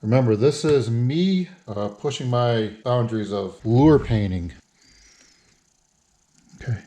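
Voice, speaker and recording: A man's voice: medium pitch, slow pace, mellow. A man narrating a casual how-to video, talking through each step as he works. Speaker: hobby lure painter.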